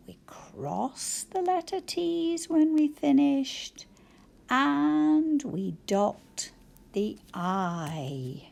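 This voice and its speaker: A woman teacher slowly sounding out letters and syllables for young children in a phonics lesson, praising them cheerfully. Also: sits high, sing-song, creaky, darkish tone. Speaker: primary school teacher.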